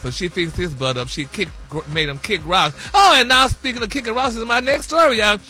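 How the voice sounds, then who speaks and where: A man's voice: sits high, brisk, bright, forceful tone. A man delivering a comic celebrity gossip segment on a radio show, sassy and flamboyant, calling listeners honey and y'all.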